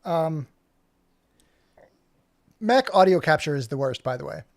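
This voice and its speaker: A man's voice: fairly high pitch, lively intonation, unhurried, gravelly, no room sound, studio quality. Rambling man chatting on a livestream. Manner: rambling, talks to himself while working. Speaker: streamer making an animation. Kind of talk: casual livestream chat.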